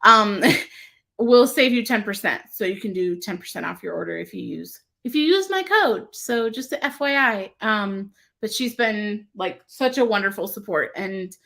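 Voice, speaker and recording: A woman's voice: medium pitch, normal speed, gravelly, pushed and bright. A woman hosting a casual livestream about her craft shop, chatty and rambling, often laughing between thoughts.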